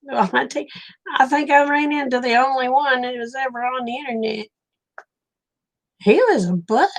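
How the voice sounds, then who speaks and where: A woman whose voice sits high speaks at a moderate pace while hosting a livestream. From Oklahoma, USA, and with an Oklahoma accent, she chats casually with viewers, tells folksy stories, and laughs often.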